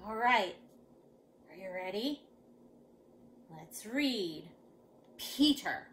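A woman reading a picture book aloud to young children, dramatic and lively. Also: fairly high pitch, slow pace, pauses often, slight background noise. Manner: animated, dramatic. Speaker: children's storyteller.

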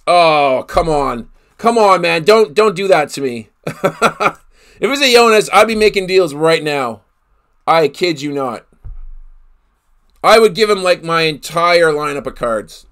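A man's voice: high-pitched, animated, a little slow, a bit bright. A man hosting a live card break, calling out each player he pulls and exclaiming over the big hits. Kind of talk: live card-opening commentary.

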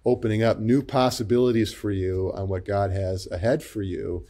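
Low, mellow male guest; gentle, reflective pastor type, halting delivery. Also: steady tone. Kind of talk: interview conversation.

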